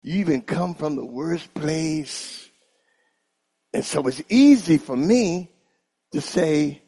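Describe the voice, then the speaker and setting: A man preaching a sermon in an animated style, calling on the congregation to repeat after him. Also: fairly high pitch, slow, pauses often, breathy edge. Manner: animated, call-and-response with congregation.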